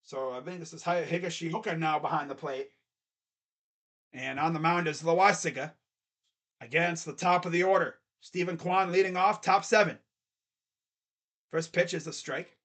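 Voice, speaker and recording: Brief: high-voiced male fan streaming live baseball reaction, rambling and excitable. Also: moderate pace, long pauses. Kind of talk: casual live play-by-play reaction.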